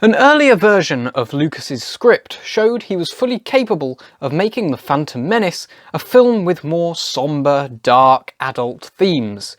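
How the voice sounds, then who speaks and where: Man's wry, lively voice-over narration. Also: a little high, measured pace, hardly any pauses, dry recording, clean studio sound. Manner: wry, opinionated. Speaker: video essayist. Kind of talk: scripted narration.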